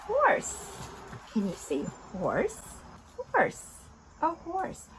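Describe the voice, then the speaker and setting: A woman hosting an interactive lesson for toddlers, talking directly to small children in an animated, coaxing way. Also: on the high side, slow pace, a little hiss or hum, low-quality recording. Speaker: children's video host.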